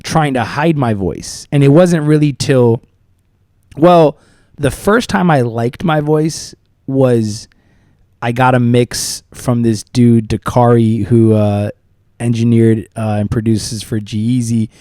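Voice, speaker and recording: A man's voice: medium pitch, slow, no echo. Man in his thirties, podcast host, from the southern US, casual storytelling, dry close mic. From Southern US, Tampa. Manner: animated storyteller, loud excited bursts then soft asides. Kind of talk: casual chat.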